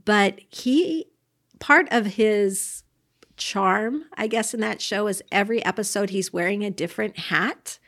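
A woman's voice: mid-range voice, a little slow, a bit bright. A woman co-hosting a podcast in casual chat, sometimes searching for words. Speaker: podcast co-host.

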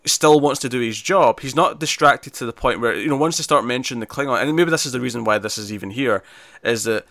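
एक आदमी जीवंत और बिखरे अंदाज़ में अनौपचारिक बातचीत कर रहा है, उसकी आवाज़ तेज़ और चमकदार है, और रिकॉर्डिंग बिल्कुल सूखी, बिना गूंज की है।. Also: male voice, medium pitch, dry recording, clean studio sound. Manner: animated, rambling, drops into quick impressions. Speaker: podcast co-host. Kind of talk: casual chat reviewing a TV episode.

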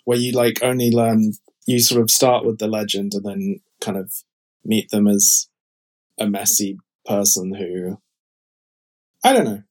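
A man's voice: on the low side, little pitch movement, measured pace, a little mellow. A man chats as a guest on a podcast, talking about his own show. He sounds enthusiastic and fills his sentences with um and like. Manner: enthusiastic, chatty, many fillers. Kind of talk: casual podcast interview.

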